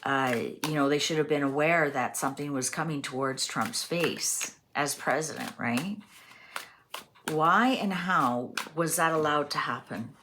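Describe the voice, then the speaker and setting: A woman's voice: deep voice, a little slow, background noise. A woman doing a chatty tarot reading, musing aloud with lots of fillers as she turns over cards. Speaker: tarot reader. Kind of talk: casual tarot reading monologue.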